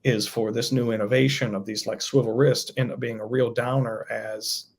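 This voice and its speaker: A man's voice: medium pitch, flat delivery, moderate pace, vocal fry. A man talking as a podcast guest about his toy designs, enthusiastic and rambling. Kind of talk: casual podcast chat.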